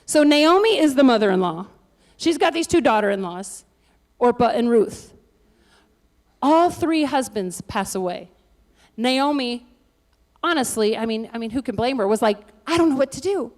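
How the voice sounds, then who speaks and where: A woman pastor preaching a lively, conversational sermon with joking asides. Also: a little high, unhurried, pauses often.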